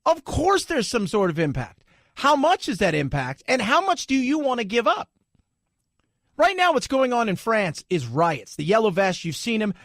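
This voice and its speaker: Animated, sarcastic male talk radio host. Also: extremely high pitch, moderate pace, no echo, studio quality. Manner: animated, sarcastic, does mocking voices. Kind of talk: opinionated talk radio monologue.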